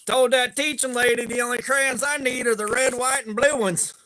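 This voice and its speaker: A man's voice: extremely high pitch, steady tone, moderate pace, sharp tone, slight background noise. A man hosting a knife-testing livestream, casually greeting viewers and joking around. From USA. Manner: laid-back, greets chat viewers by name, joking.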